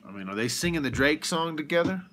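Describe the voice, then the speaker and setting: A man hosting a livestream, ranting with rhetorical questions in an animated way. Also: fairly high pitch, quick pace, slight background noise. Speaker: livestream host.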